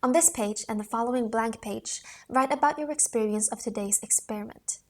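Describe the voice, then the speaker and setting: Woman reading an acting book out loud, a bit high-pitched, earnest, sometimes goes hushed. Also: brisk, a little hiss or hum. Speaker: audiobook reader.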